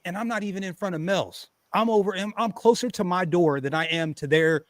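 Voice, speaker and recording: Brief: high-pitched man, animated profane storyteller, dry close sound. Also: brisk, no echo. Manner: animated, profane, acts out quotes loudly. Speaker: podcast host. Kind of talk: casual storytelling chat.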